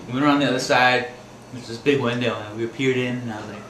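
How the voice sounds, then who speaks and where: Speaking fast in a steady, medium-pitched, slightly bright voice, this Wisconsin man shares casual personal stories, both funny and scary. He rambles, laughs as he goes and performs the screams, all captured in an echoey room with faint background noise.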